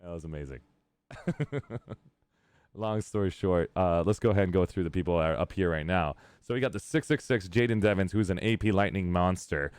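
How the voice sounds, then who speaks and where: Deep-voiced man hosting a game stream. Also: normal speed, a little mellow, smooth, no echo. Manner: upbeat, rambling, laughs often. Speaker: streamer host. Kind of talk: casual live-stream chat.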